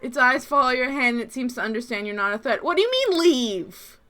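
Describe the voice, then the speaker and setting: Bright, excitable woman streamer. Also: high-pitched. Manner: excitable, gasping and squealing with delight; quiet, quick murmur when reading game text. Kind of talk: gaming livestream chat and reading game text aloud.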